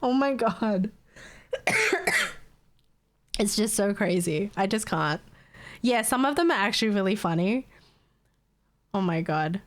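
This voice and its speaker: A woman's voice: mid-range voice, animated, unhurried, pauses often. Laughing, swearing woman streamer. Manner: laughing, profane storytelling. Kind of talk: casual chat.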